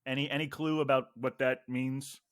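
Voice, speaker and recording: A man's voice: medium pitch, flat delivery, moderate pace. A man hosting a beer podcast, talking in a wordy, playful manner and explaining things at length. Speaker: podcast host. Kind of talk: casual chat over beer tasting.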